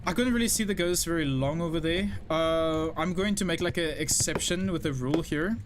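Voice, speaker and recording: A man's voice: a little high, noisy background. A young man streaming a horror game, chatting casually with his viewers and explaining as he plays. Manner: chatty, talks to chat, quick asides and laughs. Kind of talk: casual live-stream chat while gaming.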